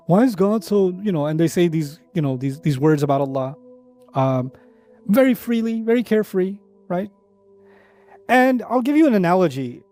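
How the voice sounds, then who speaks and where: A man giving a religious lecture, animated and conversational, using analogies and asides and reciting Quranic Arabic verses rapidly. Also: fairly high pitch. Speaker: Islamic lecturer.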